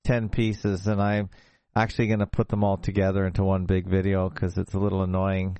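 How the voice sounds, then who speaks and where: A man hosting a show, talking casually over a video call in a halting way, often restarting his sentences. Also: sits low, completely flat delivery, warm tone, no echo. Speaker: show host.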